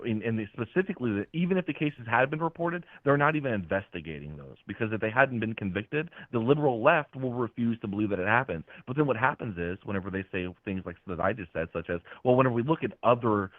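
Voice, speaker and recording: A man's voice: medium pitch, lively intonation, fast, hardly any pauses, no room sound. A young man calling into a live show, arguing angrily and swearing as he insists on finishing his point. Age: young adult. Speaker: caller. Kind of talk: heated call-in argument. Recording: tinny phone line.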